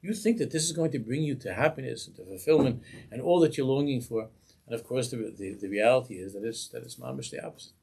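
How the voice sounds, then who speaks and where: A man's voice: medium pitch, animated, quick pace, a little mellow, slightly rough. A man, a rabbi giving an impassioned Torah class in a synagogue, pleading with rhetorical questions.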